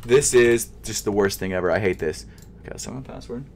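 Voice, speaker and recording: A young man, a sneaker vlogger, mutters in frustration at an online checkout while giving casual live commentary as he shops. His voice is lowish, fairly quick and gravelly, and he's nervous and stuttering, lurching between loud outbursts and quiet mumbling to himself. There's slight background noise.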